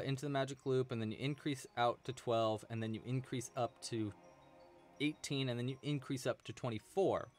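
A man hosting a live crochet stream, chatting casually and explaining stitches with many fillers. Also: medium pitch.

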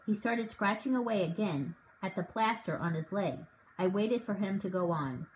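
A woman working as a reading tutor, reading a children's novel aloud in a calm, measured way. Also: medium pitch, slight background noise. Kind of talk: audiobook read-aloud.

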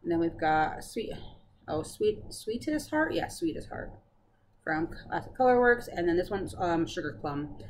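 Chatty female stitching host, fillers and bursts of excitement, light noise behind. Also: lowish voice, normal speed. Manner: chatty, bubbly, many fillers. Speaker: Flosstube host. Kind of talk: casual cross-stitch chat.

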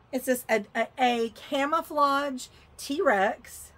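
A chatty woman talks straight to her viewers while she unpacks a shopping haul. Her voice sits a little high, and she stays excitable and casual throughout. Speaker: vlogger showing a shopping haul.

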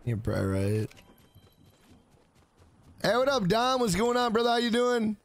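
A man's voice: very high voice, huge pitch swings, moderate pace, no room sound. A man live-streaming a video game, swearing often and greeting viewers in chat by name. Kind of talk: live gaming stream commentary.

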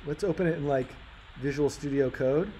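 A man with a fairly high, mellow voice speaks at a moderate pace while teaching a live-coding workshop, thinking out loud with plenty of fillers and restarts. The audio is a roomy live stream from the workshop room, with faint room noise.

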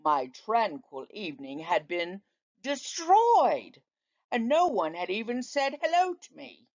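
Slow, lively storytelling teacher. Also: female voice, medium pitch. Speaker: teacher reading aloud. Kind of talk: storybook read-aloud. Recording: dull lo-fi recording.

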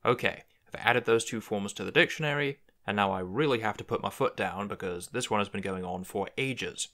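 Man, very low voice, gravelly, thinking-aloud tutorial narration. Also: fairly quick, pushed and bright. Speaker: conlang video host. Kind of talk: screen-recorded tutorial narration.

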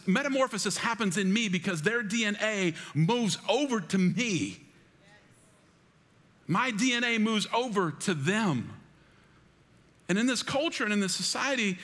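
Male pastor with a high voice, preaching to a congregation on a stage mic, long church reverb. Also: sharp tone. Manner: preaching with call-and-response to the congregation. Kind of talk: sermon. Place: large church auditorium.

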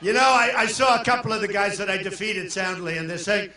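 An older man from New York giving a boastful, rambling rally speech to a crowd and shouting some lines. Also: sits high, steady tone, a little fast. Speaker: political candidate at a rally. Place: large indoor arena. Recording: echoey hall from far off.

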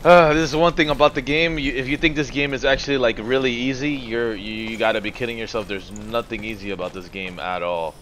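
A male streamer narrates a playthrough in an excitable, jokey voice, swearing freely. Loud game rain hisses behind him. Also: mid-range voice, brisk, few pauses. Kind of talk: let's-play commentary.

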